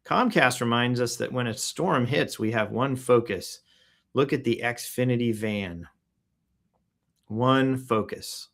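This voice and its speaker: A man hosting a casual live stream, reading news and comments aloud in an offhand, joking way, humming sound effects and often clearing his throat. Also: mid-range voice, a bit bright. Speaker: livestream host reading news and posts. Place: at home in Texas.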